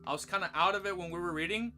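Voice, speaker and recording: A man's voice: sits high, rapid-fire, bright, forceful tone, soft background music. A young man streamer rambling casually through his outro from the floor at home, often breaking into playful baby talk with his dog. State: low energy.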